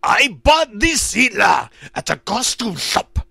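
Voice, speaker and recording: A man's voice: sits high, lively intonation, slow pace, gravelly, bright, forceful tone, breathy edge, no room sound, clean studio sound, pitched above the performer's own voice, heavily acted. A man voicing an unseen man who screams in a thick German accent. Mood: screaming.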